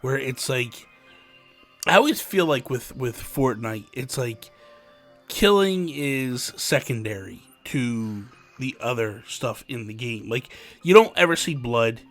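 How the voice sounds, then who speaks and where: A man co-hosting a casual gaming podcast, chatty and excitable, full of fillers. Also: mid-range voice, slow pace, soft background music. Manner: chatty, excitable, many fillers like "like" and "you know". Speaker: podcast co-host.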